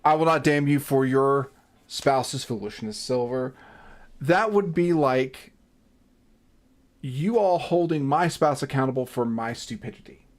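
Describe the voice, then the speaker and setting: A man's voice: mid-range voice, a little slow, faint music behind. A man hosting a gaming livestream, reading game text aloud between profane, self-mocking banter and exasperated outbursts.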